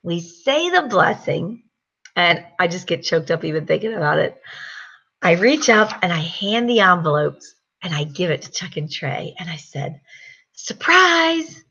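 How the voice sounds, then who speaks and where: A woman's voice: on the low side, normal speed, breathy edge, highs cut off. A middle-aged woman telling a personal story and giving a motivational sales pep talk, acting out what people said. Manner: animated storyteller, acts out quotes.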